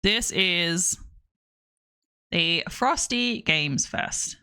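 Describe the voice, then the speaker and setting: A woman's voice: on the low side, expressive, extremely slow, sharp tone, clear, resonant tone. Chatty Australian woman streamer. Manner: chatty, rambling, laughs often. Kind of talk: casual livestream chat.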